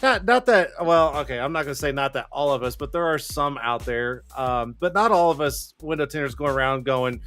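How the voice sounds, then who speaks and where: Male talk-show host, slightly higher voice, easygoing and repetitive. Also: animated, fairly quick, few pauses, fairly bright tone. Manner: rambling, repeats himself, many fillers. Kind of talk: casual chat.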